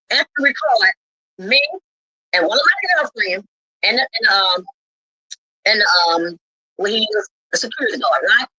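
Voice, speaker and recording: A woman recounts a dispute in a heated, emphatic rush, repeating her points and flaring into shouts. Her voice sits high and bright. The sound is dry and close. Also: slightly rough, no echo, poor audio. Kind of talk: heated personal account.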